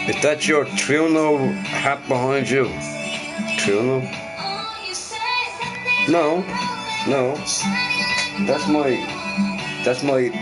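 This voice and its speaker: A young man ranting loosely to his live chat, swearing and repeating himself. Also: medium pitch. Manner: animated, sweary, repeats phrases. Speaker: live streamer answering chat.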